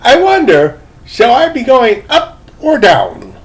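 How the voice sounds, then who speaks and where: A man playing a frail old man, fretful, quavering, high voice, lively pitch. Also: slow, full character voice. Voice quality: quavering, old-fashioned, dramatic. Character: frail fussy old man, fearing death.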